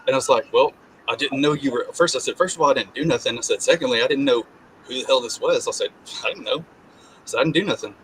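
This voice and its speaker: A man's voice: mid-range voice, fast, a little hiss or hum, rough recording. A man, a guest sharing his testimony, tells a personal story in casual conversation, acting out the voices he quotes. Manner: animated, acts out quoted voices, repeats and restarts.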